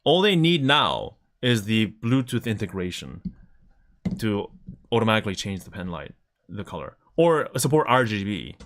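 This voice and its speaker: A man's voice: lowish voice, big pitch swings, moderate pace, fairly bright tone. A man chatting casually on a live stream, enthusiastically showing items to the camera.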